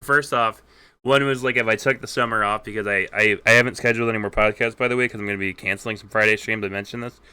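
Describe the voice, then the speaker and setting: A man's voice: fairly low pitch, fairly even intonation, quick pace, sharp tone, clear, resonant tone, no room sound. A man hosting a streaming podcast, chatting casually and teasing his guest with lots of fillers. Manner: joking, rambling, laughs often. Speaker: podcast host. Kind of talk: casual interview chat.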